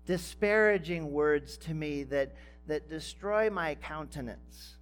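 A male pastor delivering a sermon at an unhurried, measured pace, his voice sitting a little high for a man. He lingers on phrases and lifts them with emphasis as he drives a point home. Soft guitar plays faintly behind him. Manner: slow and deliberate, with emphatic rising phrases.

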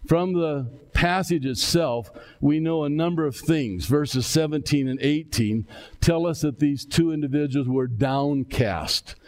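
A man's voice: medium pitch, darkish tone. An older man, a pastor, preaching a reflective sermon and at times voicing the words he imagines from scripture. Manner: reflective, imagines the speech of the scripture figures aloud.

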